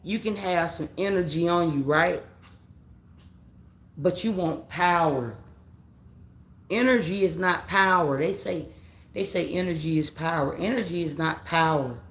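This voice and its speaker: A tarot reader on a late-night live stream talks a little slowly in a lowish voice with long pauses. Casual and slangy, she rambles, repeats herself, scolds commenters and calls her viewers family. The audio has roomy echo and faint background noise.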